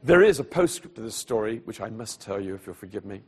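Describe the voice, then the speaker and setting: A man preaching, telling a personal story in an animated way and voicing the people in it, then going hushed at solemn moments. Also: lowish voice, quick pace, breathy edge. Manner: animated storyteller who voices the people in his tale; drops to a hushed, quiet delivery at solemn moments. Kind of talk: storytelling sermon.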